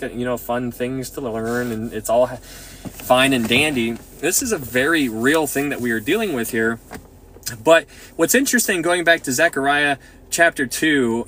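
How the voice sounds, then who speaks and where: A man leading a casual Bible study, talking in an excitable, rambling way full of restarts. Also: medium pitch, a little hiss or hum.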